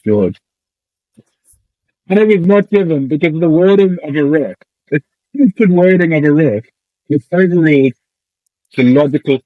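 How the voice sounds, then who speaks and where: A man's voice: a little high, no room sound. Ranting man on a dull dry mic. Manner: animated, swearing, jokey rants. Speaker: podcast co-host. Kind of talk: casual rugby chat.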